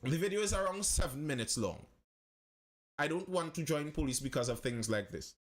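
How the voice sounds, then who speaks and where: A man's voice: on the high side, lively intonation, moderate pace. A man hosting a live-stream commentary. He talks with passion, repeats phrases for emphasis and answers viewers' comments as he goes.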